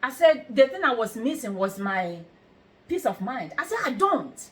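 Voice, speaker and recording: A middle-aged woman hosts a casual conversation with a slightly high voice. She tells her stories in a lively, expressive way, acting out what other people said and breaking in with exclamations. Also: moderate pace. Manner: animated storytelling, quoting others, exclamations. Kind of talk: casual chat.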